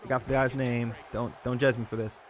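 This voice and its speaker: A man's voice: medium pitch, flat delivery, brisk. Rambling young man with faint room noise. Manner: rambling, self-correcting, filler-heavy. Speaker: YouTube host. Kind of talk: casual rambling commentary.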